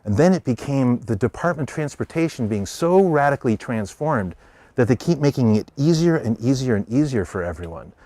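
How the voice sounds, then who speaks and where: American man, lively public speaker, mid pitch, dry close sound. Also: a little fast, dry recording. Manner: animated storyteller, voicing characters in quotes. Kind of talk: public talk.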